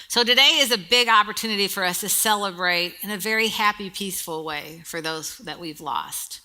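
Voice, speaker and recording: Bright-voiced woman preaching a sermon. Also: medium pitch. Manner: conversational preaching with rhetorical questions and humor.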